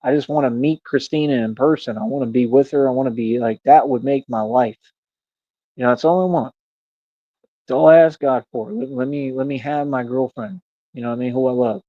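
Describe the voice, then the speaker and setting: A man's voice: mid-range voice, fairly even intonation, brisk, no echo. A young man rambling in a casual livestream, preachy and repetitive, calling the listener "man" and "bro". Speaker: streamer. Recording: dull, dry lo-fi stream audio.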